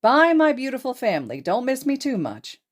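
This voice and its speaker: A woman reading a podfic and voicing a loud, cheerful, flamboyant young father who yells happily. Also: sits high, huge pitch swings, normal speed, pitched above the performer's own voice, exaggerated voice. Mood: exuberant. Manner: exuberant, sing-song, yelling.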